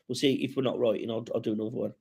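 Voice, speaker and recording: A man's voice: medium pitch, flat delivery, racing, creaky, darkish tone, breathy edge. A man with a West Midlands accent hosting a live stream, reading out comments with sweary, jokey banter.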